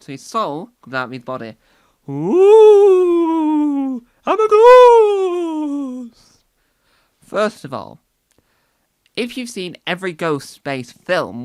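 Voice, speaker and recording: A man's voice: mid-range voice, sharp tone, clear, resonant tone, no room sound, studio quality. A man doing a stand-up comedy set, rambling with lots of asides and "right?" tags.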